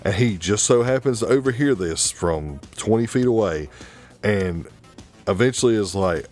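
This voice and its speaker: A man hosting a podcast, giving a casual, profane and animated movie review with plenty of exasperation. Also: on the low side, normal speed, faint music behind. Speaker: podcast host.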